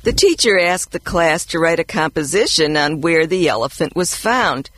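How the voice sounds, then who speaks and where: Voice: medium pitch, normal speed, no echo. A co-host reading mock ads and jokes aloud, with playful emphasis. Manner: lively, expressive read with playful emphasis.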